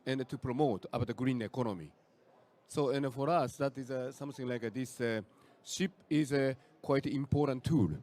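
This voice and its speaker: Older Japanese man with halting speech. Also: mid-range voice, darkish tone. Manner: halting, simple phrasing with many fillers. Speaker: panelist, founder of a nonprofit. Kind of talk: online panel introduction.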